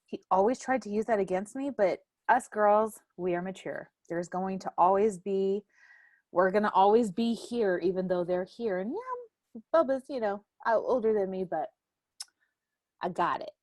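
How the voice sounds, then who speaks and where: A young woman hosts a relaxed family chat, telling stories with lots of laughter and loud acted-out quotes. Her voice sits in a middle pitch. It is recorded dry and close, with no room sound. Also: moderate pace, dry recording. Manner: animated storyteller, acts out quotes loudly, laughs often. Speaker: podcast host.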